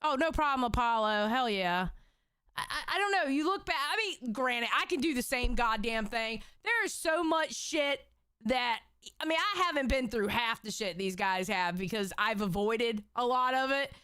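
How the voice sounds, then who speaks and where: Woman streamer, slightly high voice, loose profane chat commentary. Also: expressive, moderate pace, bright, forceful tone, clean tone, no room sound, clean studio sound. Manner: loose, profane, repeats herself. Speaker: streamer reacting. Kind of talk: casual live-stream commentary.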